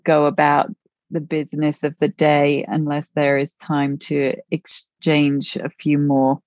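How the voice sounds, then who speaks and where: A woman hosting an interview, gently affirming her guest and asking follow-up questions. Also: low-pitched, completely flat delivery, unhurried, no echo, highs cut off. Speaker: interviewer, host. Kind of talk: conversational interview.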